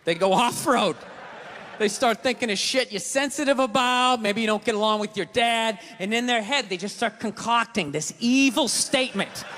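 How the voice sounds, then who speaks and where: A man doing stand-up comedy, swearing freely and building up to shouted punchlines. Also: very high-pitched, normal speed. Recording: live hall with crowd noise.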